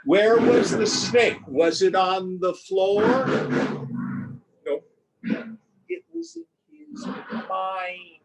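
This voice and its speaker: A male spiritual teacher speaking over a video call, his voice a bit high and his pace slow and unhurried. He tells parables deliberately and leans on rhetorical questions to make his point. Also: slight background noise, poor audio. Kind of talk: scripture lesson with storytelling. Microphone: video call recording.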